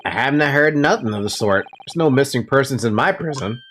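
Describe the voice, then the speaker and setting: A woman voicing a gruff older male prison governor in a game playthrough. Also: very deep voice, lively intonation, brisk.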